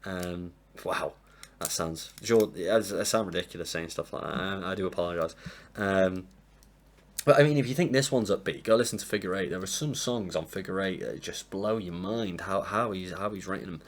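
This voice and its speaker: A man's voice: deep voice, moderate pace. A man rambles casually through an album ranking at his desk. He sounds tired and is self-deprecating and apologetic as he talks. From England. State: tired from lack of sleep. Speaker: music reviewer. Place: home room at a desk. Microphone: desk mic propped up, sometimes knocked.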